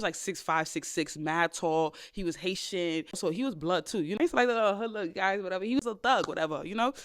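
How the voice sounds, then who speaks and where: A young woman hosts a chatty podcast and tells her dating stories quickly. Her pitch leaps up for loud exclamations and drops low for muttered asides. Her delivery is casual and unfiltered. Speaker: podcast host. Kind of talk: casual storytelling chat.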